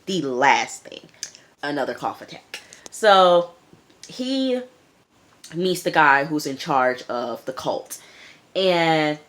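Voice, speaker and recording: A young woman recapping a TV episode in casual chat, animated and emphatic, repeating lines for effect. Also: deep voice, takes it slowly, long pauses. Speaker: TV show reviewer.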